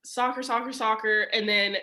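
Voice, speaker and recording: Bright-voiced young woman telling a story. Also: fairly high pitch, moderate pace. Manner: animated, says "like" a lot, acts out quoted voices. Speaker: guest. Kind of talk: casual storytelling conversation.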